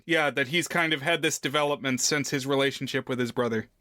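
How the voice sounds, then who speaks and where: A man co-hosting a film podcast, making thoughtful, measured remarks in casual discussion. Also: medium pitch, bright, forceful tone, no room sound, clean studio sound. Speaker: podcast co-host.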